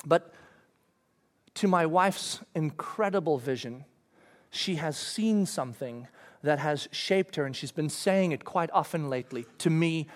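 A middle-aged man telling a family story to an audience, animated, bursting into shouted quotes. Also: a little high, unhurried.

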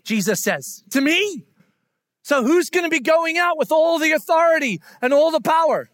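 A pastor giving a conversational, animated sermon, acting out what people say. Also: male voice, very high-pitched, dry recording. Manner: conversational, animated, acts out quotes in voices.

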